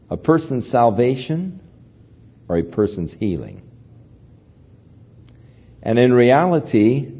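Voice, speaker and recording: Slow, lively-pitched male preacher. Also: husky. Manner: measured Bible teaching, acting out quotes. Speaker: pastor. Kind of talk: sermon. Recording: dull lo-fi recording.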